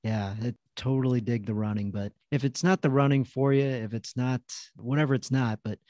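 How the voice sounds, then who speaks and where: A man's voice: medium pitch, steady tone, moderate pace, warm tone, dry recording, highs cut off. Podcast host man, dry close sound. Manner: affirming, conversational. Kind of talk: casual podcast chat.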